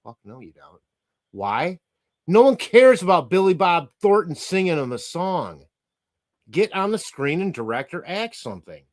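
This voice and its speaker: A middle-aged man hosting a livestream, reading chat comments aloud and ranting casually with profanity and frequent laughter. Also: on the high side.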